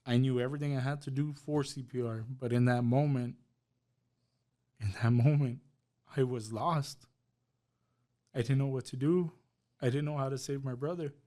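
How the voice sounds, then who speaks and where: Man telling a painful story, mellow voice. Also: mid-range voice, fairly even intonation, moderate pace, long pauses. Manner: emotional storytelling, acts out dialogue. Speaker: podcast guest. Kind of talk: personal testimony.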